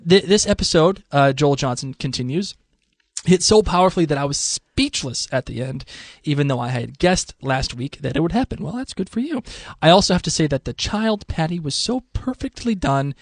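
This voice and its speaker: A man from Massachusetts with a Boston accent, co-hosting a podcast and reading listener mail in a rambling, animated way with many restarts. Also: high-pitched, no echo. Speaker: podcast co-host.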